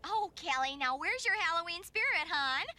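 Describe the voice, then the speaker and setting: A woman's voice: extremely high pitch, expressive, moderate pace, bright, forceful tone, full character voice. A woman voicing a fussy, doting cartoon mom with a Minnesota accent. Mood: cheery. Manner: folksy, doting. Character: fussy cheerful middle-aged cartoon mom. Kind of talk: cartoon voice acting.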